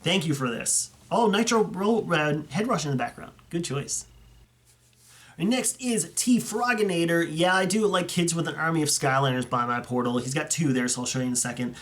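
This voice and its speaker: A man's voice: a little high, moderate pace, fairly bright tone. Chatty, upbeat young man reviewing photos. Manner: chatty, enthusiastic, rambling with self-corrections. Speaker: YouTuber reviewing fan collections. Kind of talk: casual commentary over viewer photos.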